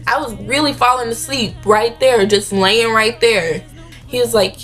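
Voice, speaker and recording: A young woman vlogger telling a story in a casual, slangy, animated way, acting out what people said. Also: on the high side, unhurried, faint music behind. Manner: animated, slangy, acts out quotes. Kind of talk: storytime vlog.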